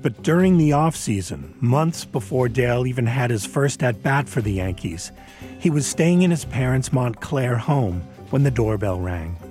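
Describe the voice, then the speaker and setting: Man narrating a documentary, measured. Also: medium pitch, animated, darkish tone, soft background music.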